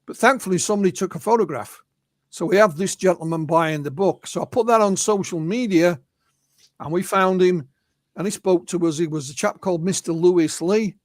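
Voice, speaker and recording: English man, interview guest, high voice and dry sound, chatty storyteller with lots of uhs. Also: fairly quick, dry recording. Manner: recounts witness stories, quoting them in his own voice, with many fillers and restarts. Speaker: interview guest, UFO researcher. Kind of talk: conversational storytelling.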